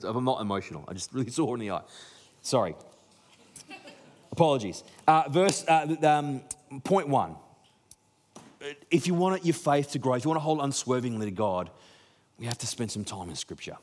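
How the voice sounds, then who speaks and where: A man's voice: medium pitch, a little mellow. A man preaching a sermon in a conversational way, acting out the people he quotes. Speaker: pastor.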